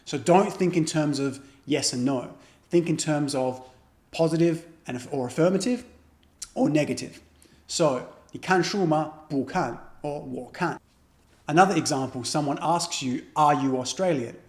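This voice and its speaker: A man's voice: a little high, moderate pace, darkish tone. Man teaching a lesson in a roomy space. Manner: patient, repeats example phrases. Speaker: Chinese language teacher. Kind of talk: explaining a language lesson.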